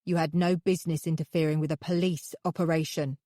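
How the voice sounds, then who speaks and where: A detached, patronizing male police officer, read by a woman narrator, delivers clipped, matter-of-fact lines. Her voice is lowish and mellow, and the recording is dry and close. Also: flat delivery, fast, no room sound, natural voice.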